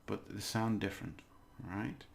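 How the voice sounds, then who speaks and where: A man with a gravelly, creaky voice teaches a relaxed video lesson. He stretches and overdoes words to show how they sound, and laughs off his own stumbles. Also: lowish voice, a little slow. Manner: chatty, exaggerates words to demonstrate, laughs at own slips. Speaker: language teacher.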